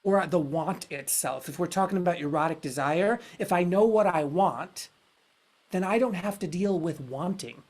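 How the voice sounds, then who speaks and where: A man's voice: high-pitched, moderate pace, darkish tone. Man, podcast host, casual conversation, frank, rambling, swears freely.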